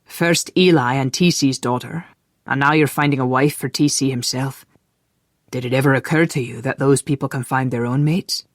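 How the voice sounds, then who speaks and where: A narrator voicing a dry-humored young Scottish man on the run, who speaks in a wry, low and understated way. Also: steady tone, normal speed, no echo, close to an everyday voice.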